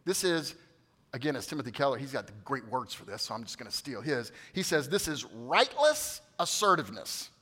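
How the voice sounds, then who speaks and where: A man preaching a sermon to his congregation, swinging from loud emphatic peaks to quiet hushed asides and coaxing responses from the room. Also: medium pitch, sing-song, brisk. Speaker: pastor.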